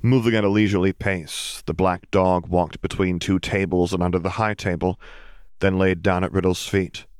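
Deep-voiced man narrating an audiobook. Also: fairly even intonation, moderate pace, clear, resonant tone, dry recording, clean studio sound. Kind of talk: audiobook reading.

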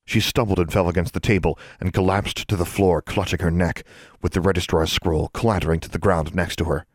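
A man narrating an audiobook in an even, measured storytelling manner. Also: low voice, no echo, clean studio sound.

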